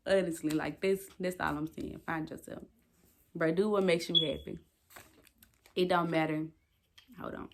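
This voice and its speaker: A woman's voice: low voice, steady tone, moderate pace, creaky, long pauses. A young woman vlogging to her phone, talking emphatically and swearing freely. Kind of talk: casual talk to camera.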